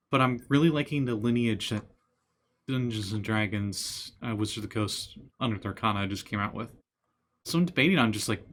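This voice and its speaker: Man, casual streamer chat, mid-pitched, rambling with ums, faint hiss behind. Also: fairly bright tone. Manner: laughing, rambling with fillers. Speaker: game master and streamer.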